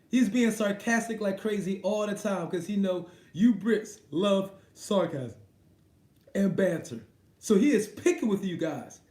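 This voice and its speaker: Casual male live-stream host, high voice, loose and profane, echoey room. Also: mellow. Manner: loose, profane, laughs often. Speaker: boxing livestream host.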